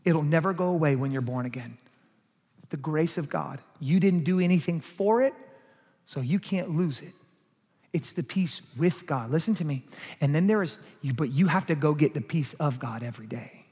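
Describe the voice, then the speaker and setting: A man's voice: a little high, animated, normal speed, warm tone, slightly rough. A man preaching a sermon as pastor, emphatic, rising and falling in force. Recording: long hall reverb.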